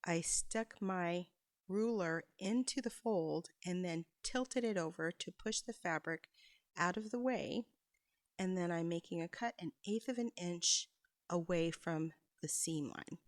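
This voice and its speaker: Craft tutor, woman, low-ish pitch, dry close sound, patient step-by-step instructions with casual asides. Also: a little slow, no room sound, poor audio. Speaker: quilting instructor. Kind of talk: sewing tutorial voice-over.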